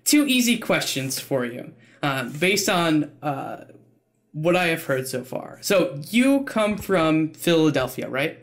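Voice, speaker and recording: A man hosting an esports interview podcast, opening with a scripted intro and then asking questions in an eager way, stumbling over his words when excited. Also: a little high, slow pace. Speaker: podcast host.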